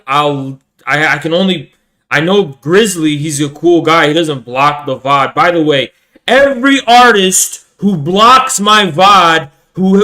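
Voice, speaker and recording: A man's voice: fairly high pitch, sharp tone. A man live streaming an angry, profanity-heavy rant that sometimes slips into a sing-song delivery. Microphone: desk setup in front of a streaming camera.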